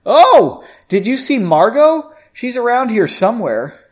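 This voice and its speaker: Big jovial barkeep, a male narrator's put-on voice, high, loud and hearty. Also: sing-song, normal speed. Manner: hearty, booming.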